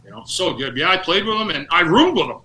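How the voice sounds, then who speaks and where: A middle-aged man, a former hockey player, telling lively anecdotes on a podcast, acting out quotes and laughing often. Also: high voice, fast talker, low-quality recording. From Canada. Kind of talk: casual storytelling.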